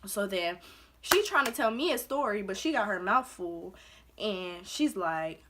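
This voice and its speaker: A young adult woman from Belize tells a story to her vlog audience in a relaxed, chatty way. She fills her sentences with "like" and acts out what other people said. Her voice sits at an ordinary middle pitch. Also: unhurried. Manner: chatty, heavy use of "like", acts out quotes. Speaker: vlogger. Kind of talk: casual storytime.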